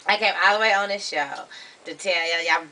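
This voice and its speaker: A woman guest on a vlog, bubbly and chatty in casual talk, with loud bursts of laughter. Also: medium pitch, fairly quick, far from the mic, a little hiss or hum. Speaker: guest vlogger. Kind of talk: casual chat.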